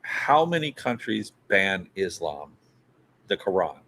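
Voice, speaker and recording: Playful, teasing man with an animated voice. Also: low-pitched, slow. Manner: teasing, playful, apologetic jokester. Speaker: guest co-host. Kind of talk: casual live chat.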